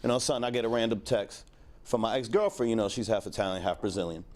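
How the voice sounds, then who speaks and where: A man's voice: fairly low pitch, racing, darkish tone. Laid-back man in his thirties doing stand-up. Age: 30s. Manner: laid-back, rambling, crude, with lots of fillers. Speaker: stand-up comedian. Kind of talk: stand-up set.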